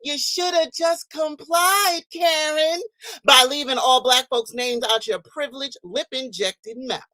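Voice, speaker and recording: A woman's voice: high voice, measured pace, pushed and bright, dry recording. A woman slam poet performing spoken word fiercely and bitingly over a video call. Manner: fierce, biting, profane delivery.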